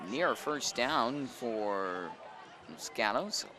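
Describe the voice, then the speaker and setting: A young man calling high school football play-by-play from an outdoor press booth, excitable on big plays. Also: drawn-out words, noisy background. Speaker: play-by-play announcer. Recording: outdoor stadium with band music behind. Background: marching band music.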